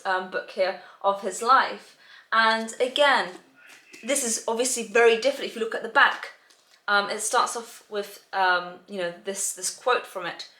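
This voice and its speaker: A woman's voice: medium pitch, pushed and bright. A woman tutor explaining to parents how to prepare children for reading exams, talking in a chatty way full of "um" and "you know". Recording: roomy echo.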